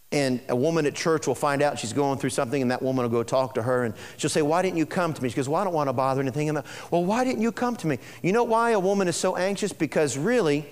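A man with a high, light voice preaches to his congregation, pressing each point home and circling back to it again and again. His words ring out with a long echo around a large hall. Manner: emphatic, repetitive, speaks straight to the congregation. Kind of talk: sermon on marriage.

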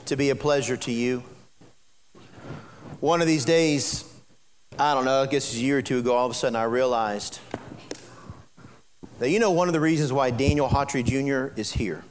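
A man preaching a sermon as a pastor, animated and rising toward near-shouting, laughing at his own stories, in a church sanctuary. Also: medium pitch, a little hiss or hum. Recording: long reverb in a large hall.

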